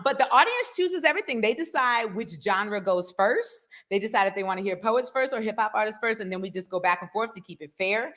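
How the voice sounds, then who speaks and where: A woman's voice: medium pitch, a bit bright. A woman who hosts a poetry event, chatting playfully and animatedly in a casual interview. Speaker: event host and poet.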